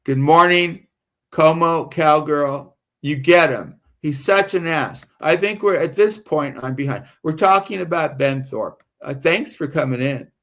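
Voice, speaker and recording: A man's voice: a little high, a little slow, fairly bright tone. A man from the American South doing rambling live-stream commentary, repeating himself and getting worked up and indignant.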